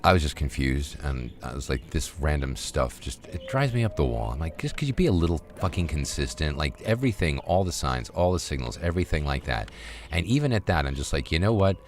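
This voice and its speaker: Very deep-voiced middle-aged man, rambling. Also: big pitch swings, brisk. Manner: rambling, profane, full of fillers. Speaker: gaming streamer. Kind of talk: casual rambling storytelling.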